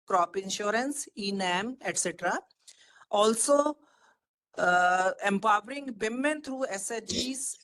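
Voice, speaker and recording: Indian woman on a video call, formal econ talk, steady middle pitch, lots of uhs. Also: poor audio. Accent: Indian English. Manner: measured, listing points with frequent fillers. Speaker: webinar speaker, economist. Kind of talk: formal panel presentation.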